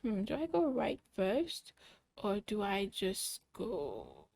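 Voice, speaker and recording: A young woman slowly talking kids through a coding puzzle, muttering each step and cheering when it works. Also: medium pitch, creaky, no room sound, low-quality recording. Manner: cheerful, muttering steps aloud, excited yays. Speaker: coding club instructor. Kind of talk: slow think-aloud coding walkthrough for kids.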